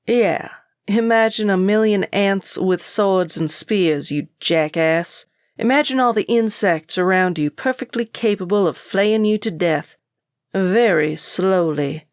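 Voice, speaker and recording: An irritable, scornful middle-aged groundskeeper, as a woman narrator puts him on, swearing and sneering as he warns. His voice runs gravelly and raised above her usual tone. The audiobook sound is close and dry. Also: lowish voice, lively intonation, a little slow, few pauses, no echo. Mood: menacing. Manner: scornful, cursing, talks down. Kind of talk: audiobook character voice.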